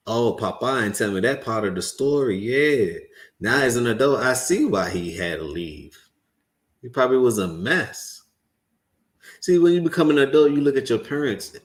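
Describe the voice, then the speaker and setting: This commentary-show host, a non-native English speaker, watches a clip and lectures his audience in a lively, preachy manner. He has a lowish voice.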